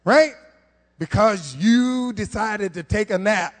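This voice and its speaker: A man preaching a conversational sermon to his church, animated and humorous, full of rhetorical questions. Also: high voice, slow pace. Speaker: preacher on the worship team. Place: church sanctuary. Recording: long reverb of a church hall.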